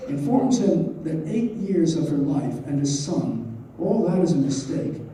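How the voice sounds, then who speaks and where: A man's voice: on the high side, lively intonation, a little slow, mellow, very echoey, far from the mic, a little hiss or hum, rough recording. A man reading as a stiff, formal wounded husband. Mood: bitter. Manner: formal, restrained.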